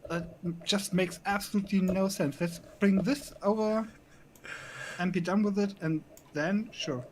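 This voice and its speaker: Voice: mid-range voice, fairly even intonation, unhurried, darkish tone, a little hiss or hum, low-quality recording. A player in a tabletop game, blunt and arguing logically. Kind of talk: casual tabletop play.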